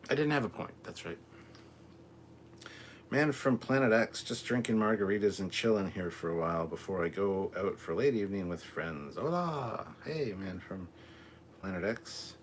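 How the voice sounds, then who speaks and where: A man's voice: deep voice, moderate pace, a little hiss or hum. A man hosting a casual live stream from home, reading chat comments aloud in a rambling, easygoing way with lots of fillers. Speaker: livestream host reading chat. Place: home room with TV. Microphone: camera mic at a distance.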